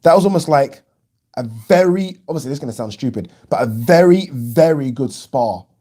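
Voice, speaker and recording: Guy doing a casual live stream, mellow dark voice, chatty, reads out comments. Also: medium pitch, normal speed. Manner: chatty, animated, reads viewer comments aloud. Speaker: boxing channel host.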